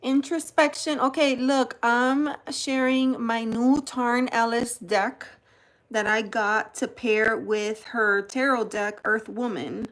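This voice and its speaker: A woman chats her way through a livestream at an unhurried pace, her voice sitting a little high. She greets viewers by name and answers their chat messages as she talks. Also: fairly even intonation, a bit bright, poor audio. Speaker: tarot channel host.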